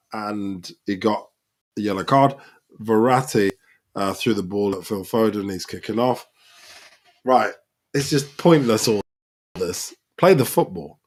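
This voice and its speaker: Excitable football fan reacting live. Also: male voice, on the low side. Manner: excitable, shouts at players on screen. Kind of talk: live match reaction commentary.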